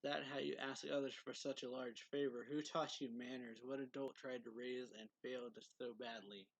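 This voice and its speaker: A man's voice: mid-range voice, steady tone, moderate pace, creaky, dry recording, low-quality recording. Man reading out a cold, scornful vampire queen, disdainful, plain read-out, dry sound. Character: haughty female vampire ruler, cold and scornful.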